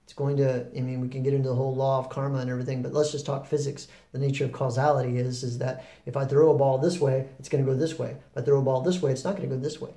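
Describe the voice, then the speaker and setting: A man giving a reflective spoken talk on happiness, relaxed and rambling, with fillers and restarts. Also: mid-range voice, very fast, hardly any pauses, echoey room. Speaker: spiritual talk host.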